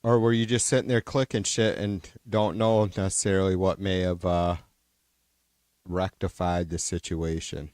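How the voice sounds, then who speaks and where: Streamer, male, low and dry, profane rambling chat, unscripted. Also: little pitch movement, normal speed, a little mellow, dry recording. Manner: rambling and profane, with many restarts and trailing-off sentences. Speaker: livestream host.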